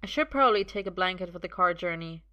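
A woman's voice: lowish voice, expressive, fast talker, smooth, lo-fi sound, lightly acted. A woman voicing a weak, wry young sorcerer. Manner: joking and strained, a little breathless. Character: young male sorcerer, weakened, wry and stubborn. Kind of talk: audiobook reading.

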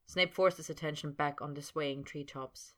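A woman narrating fan fiction aloud in a measured, steady storytelling manner. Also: sits low.

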